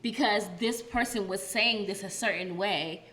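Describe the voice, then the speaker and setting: A woman's voice: mid-range voice, unhurried, a bit bright, a little hiss or hum. A woman from Virginia co-hosting a podcast in casual, slangy chat, laughing often and talking over a computer setup. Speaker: podcast co-host. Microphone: webcam and computer setup.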